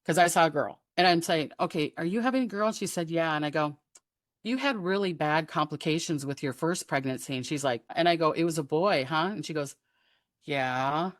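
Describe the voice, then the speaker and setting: A woman guest on a chat show, telling stories in a lively way, acting out the voices of other people and laughing often. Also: low-pitched, brisk, no echo, clean studio sound. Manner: animated, acts out quoted voices, laughs often. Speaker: psychic guest. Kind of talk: casual storytelling chat.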